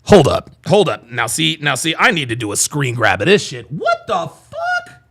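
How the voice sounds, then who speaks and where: A man's voice: mid-range voice, sing-song, fairly quick, fairly bright tone. A man hosting a livestream, reacting to a video and reading chat, profane and repeating himself in disbelief.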